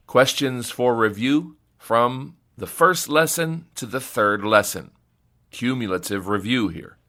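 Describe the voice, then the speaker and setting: A man's voice: mid-range voice, takes it slowly, pushed and bright. A man teaching a recorded Arabic grammar lesson in English, patiently explaining step by step and reading Arabic phrases before translating them.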